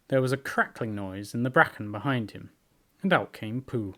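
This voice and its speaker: A man reading a children's book aloud as the show's host, with expressive, lively storytelling. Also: medium pitch, moderate pace. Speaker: reader, show host.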